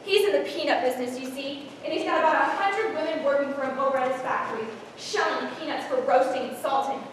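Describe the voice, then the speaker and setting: A woman acting a spoiled, demanding rich girl in a stage play, shrill and shouting, recorded echoey from far off in a hall. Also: fast talker, slight background noise, natural voice. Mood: boastful.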